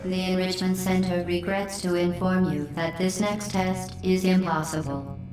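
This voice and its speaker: A woman voicing a cold robotic female AI that runs test chambers, speaking in a monotone, matter-of-fact way through a robotic filter that glitches. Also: fairly low pitch, moderate pace. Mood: coldly polite. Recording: echoey distant sound with loud music.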